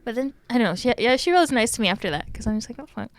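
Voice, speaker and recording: A woman's voice: fairly high pitch, very animated, rapid-fire, no room sound. A woman hosting a casual interview podcast, telling stories animatedly, laughing often and swearing freely. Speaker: podcast host.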